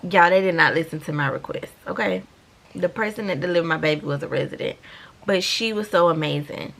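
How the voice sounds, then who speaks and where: Woman, 30s, low gravelly voice, animated storytime vlogger talking straight to viewers. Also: fairly quick. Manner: animated, chatty, addresses viewers as y'all. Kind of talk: storytime vlog.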